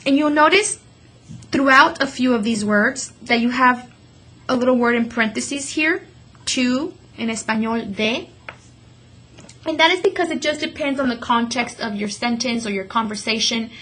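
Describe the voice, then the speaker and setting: Bright-voiced woman teaching Spanish. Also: a little high. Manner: repeats words slowly for students to echo. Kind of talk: classroom lesson.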